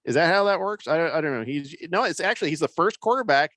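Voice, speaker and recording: Guy hosting sports radio, bright kinda high voice, lots of uhs and restarts, dry studio mic. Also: lively intonation, no echo. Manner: halting, lots of fillers and restarts. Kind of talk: casual sports talk radio.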